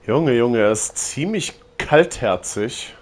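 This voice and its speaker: A man's voice: medium pitch, animated, takes it slowly. A man casually commenting on a game he plays, chatty with wry asides. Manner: chatty, wry asides, reads text aloud. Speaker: let's play host.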